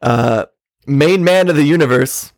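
A man's voice: on the high side, a little slow, dry recording, studio quality. A man co-hosting a podcast, chatting casually, sarcastic and swearing freely. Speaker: podcast co-host. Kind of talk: casual chat.

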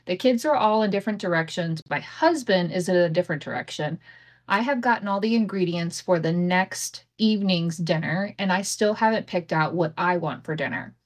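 A woman in her thirties with a lowish, expressive voice hosts her own podcast at a moderate pace. She tells a family story candidly and casually, swearing freely and laughing a lot, on a home setup with imperfect audio.

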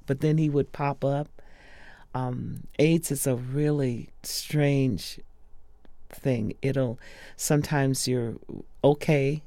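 Woman reminiscing softly in an interview, warm mellow voice, dry close sound. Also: rumbling low, no room sound. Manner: soft-spoken, often dropping to a hush. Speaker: singer and close friend sharing memories. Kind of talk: personal storytelling in an interview.

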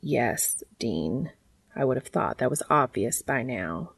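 A woman voicing a calm, patient man who speaks low, hushed and deliberate. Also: creaky, breathy edge, no echo, heavily acted.

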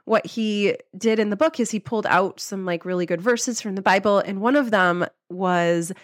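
A woman's voice: medium pitch, normal speed, dry recording, studio quality. A young woman host giving a casual motivational talk, upbeat and chatty, with lots of "like" and easy laughs. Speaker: podcast host and life coach.

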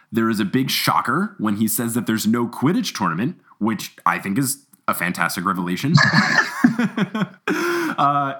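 A man hosts a casual book-chat podcast, and his pitch swings widely as he recaps chapters. He laughs a lot and slips into goofy voices for the characters. His voice is mid-pitched and lively throughout. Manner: animated, laughs often, puts on silly voices for quotes. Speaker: podcast host.

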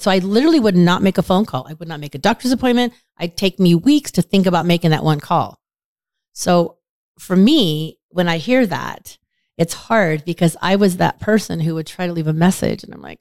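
A woman's voice: a little fast, no room sound, studio quality. A woman co-hosting a podcast, chatting casually and telling stories, acting out quoted lines with big jumps in her voice. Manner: lively storyteller, acts out quotes with big pitch jumps. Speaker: podcast co-host. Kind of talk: casual chat.

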